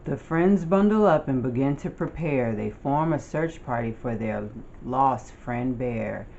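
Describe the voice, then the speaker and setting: Slow, deliberate picture-book reader. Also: mid-range voice, expressive, creaky, darkish tone, highs cut off, a little hiss or hum. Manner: slow, deliberate storytelling delivery. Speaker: storybook reader. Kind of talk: reading a picture book aloud.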